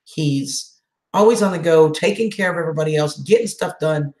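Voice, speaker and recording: A woman's voice: low-pitched, a little fast, a little mellow, echoey room. A woman hosting a casual live chat, emotional as she answers viewer comments. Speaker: channel host doing a live chat.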